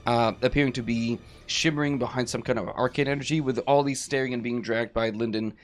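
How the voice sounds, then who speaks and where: A man's voice: mid-range voice, steady tone, brisk. A man running a tabletop game as game master, describing the scene vividly.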